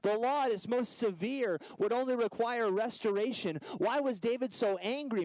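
A man in his thirties preaching a sermon as a guest speaker, swinging between loud emphatic lines and soft hushed ones. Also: extremely high pitch, moderate pace, few pauses, no room sound, poor audio.

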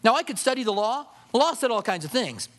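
A pastor preaching a sermon in an easy, conversational way. He asks the congregation rhetorical questions and drops soft and low when he quotes a prayer. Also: very animated, fast talker.

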